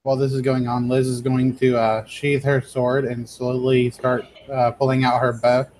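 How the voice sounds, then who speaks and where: A man's voice: medium pitch, little pitch movement, normal speed, a little mellow, rough recording. A man at a tabletop game narrates what his character does in the third person. A faint hum sits behind his voice. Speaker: player.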